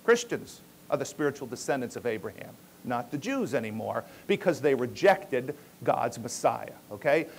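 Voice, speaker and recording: A man's voice: medium pitch, sing-song, normal speed, vocal fry, a little hiss or hum. A male pastor preaching an emphatic teaching sermon in a church, often checking in with his listeners. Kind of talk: expository sermon.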